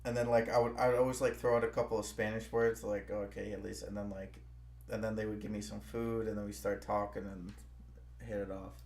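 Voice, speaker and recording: Young dude rambling in a casual chat, bro this bro that, echoey room. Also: male voice, fairly low pitch, little pitch movement, brisk, creaky, a little mellow. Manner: rambling, restarts a lot, says "bro" often. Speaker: stream host.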